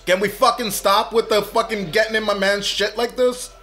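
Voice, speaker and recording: Guy doing a movie reaction, cursing a lot, kinda high voice, movie music faint in the back. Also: moderate pace. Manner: profane, excitable, blurts reactions. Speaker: reaction video host. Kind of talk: casual movie reaction commentary.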